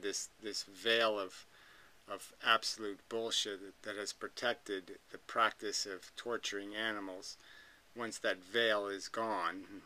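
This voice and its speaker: A man's voice: on the low side, bright, forceful tone, poor audio. A man hosting a commentary video, ranting in a blunt, combative way and swearing freely. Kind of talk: profane combative rant.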